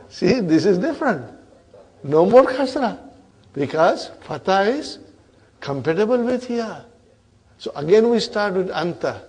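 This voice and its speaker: A man's voice: sits high, big pitch swings, unhurried, vocal fry, long pauses, darkish tone. A man teaching grammar in a lesson, drilling verb forms and checking in with "huh?" and "okay?", calling his student brother. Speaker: Arabic teacher.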